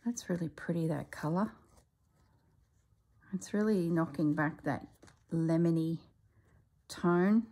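Aussie lady rambling away while she sews, husky voice, kinda low. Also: takes it slowly, pauses often, dark tone. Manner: rambling, talks herself through the stitches in a murmur. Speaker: crafting vlogger. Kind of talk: casual chat while stitching.

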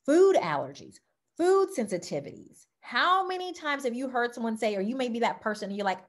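A Southern-accented woman from Louisiana who gives an excitable, chatty talk about wellness products, peppering it with y'all and okay. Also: fairly high pitch, fairly quick. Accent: Southern American. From Louisiana, United States. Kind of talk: casual product talk to camera.

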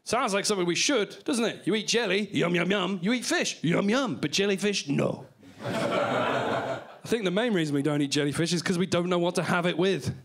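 A man's voice: high voice, expressive, normal speed, fairly bright tone. A man with an English accent doing live stand-up comedy in a small club, playful and silly, slipping into goofy character voices. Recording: live club recording with audience. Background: audience laughter.

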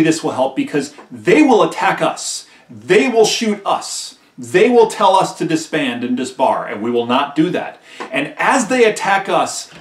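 Higher-voiced male teacher in an echoey room. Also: far from the mic. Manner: conversational, often checks in with "right?"; acts out quoted voices emphatically. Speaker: history teacher. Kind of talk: recorded online lecture.

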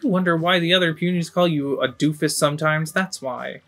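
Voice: mid-range voice, brisk, fairly bright tone, faint music behind, close to an everyday voice. A game streamer voicing a cranky, bossy old tribal elder woman who lectures and scolds. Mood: scolding.

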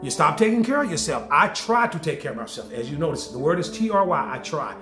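A man in his forties giving a loud, playfully crude comedic monologue to camera as a DJ and vlogger. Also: fairly high pitch, very animated, quick pace. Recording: echoey room with faint music.

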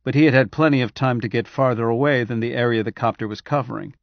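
A man reading a science fiction novel aloud in steady, measured scripted narration. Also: medium pitch, vocal fry, no room sound, muffled recording. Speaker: audiobook narrator.

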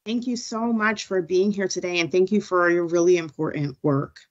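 A woman's voice: on the low side, steady tone, moderate pace, dull audio. A woman chairing a public hearing, politely thanking speakers and calling on the next one. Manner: polite, procedural.

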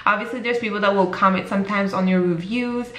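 A woman vlogging about makeup straight to the camera in an echoey room at home. She talks in a gushing, excitable way and circles back over the same phrases. Her pitch sits in an ordinary middle range. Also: fast. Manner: excitable, gushing, repeats herself. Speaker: beauty vlogger. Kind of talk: casual beauty vlog to camera.

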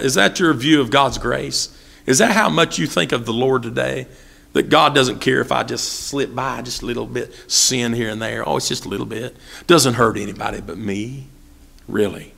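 A man's voice: medium pitch, vocal fry, fairly bright tone. A man preaching a sermon as pastor, asking repeated rhetorical questions and acting out the voices of people he quotes. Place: church sanctuary.

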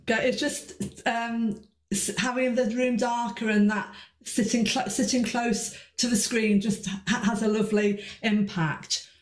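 A woman's voice: on the high side, steady tone, a little slow, roomy sound. A woman giving an informal presentation to parents, chatty with restarts and sing-song stresses.

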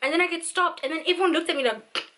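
A woman's voice: extremely high pitch, rapid-fire, bright, forceful tone. A young South African woman vlogging, ranting in an exasperated way with lots of fillers. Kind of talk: venting vlog monologue.

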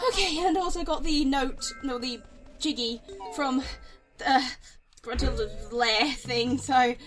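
With a high-sitting voice, a woman narrates her own gameplay as a let's play gamer, her commentary casual and rambling. She gets excitable, exclaiming often and saying things more than once.

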